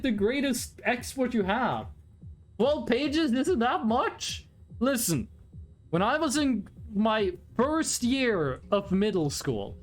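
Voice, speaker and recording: A young adult streamer telling long, wandering stories in a chatty, profane way. The pitch swings widely up and down, and faint music plays underneath. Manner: rambling, animated storytelling, swearing. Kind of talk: casual chat with chat readers.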